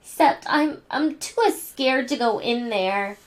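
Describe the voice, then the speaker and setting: Woman playing a scared little boy, high, shaky, stammering. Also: slow pace. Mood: nervous. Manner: stammering, anxious. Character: timid nervous little boy toddler.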